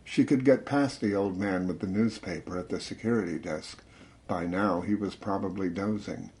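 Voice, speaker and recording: A man narrating a suspense story in a measured, dramatic reading that slows and drops to a hush at tense moments. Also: deep voice. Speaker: audiobook narrator.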